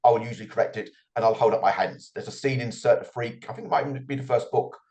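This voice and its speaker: A man's voice: medium pitch, fast, a little mellow. A middle-aged man answering as an author guest in an interview, reflective and often repeating his words as he starts a thought.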